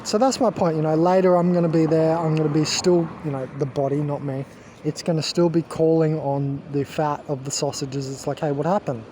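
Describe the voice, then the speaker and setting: A man's voice: on the high side, steady tone, a little fast, warm tone, a little hiss or hum. A man rambling to camera as a wellness vlogger, emphatic and self-assured, lecturing his viewers.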